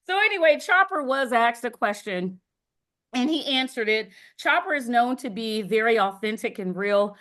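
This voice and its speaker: A woman from the D.C. area co-hosting a casual podcast, animated and talkative, slightly out of breath and laughing often. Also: fairly high pitch, moderate pace. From Washington, D.C. area. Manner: animated, laughing, breaks into singing and impressions. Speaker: podcast co-host. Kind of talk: casual chat.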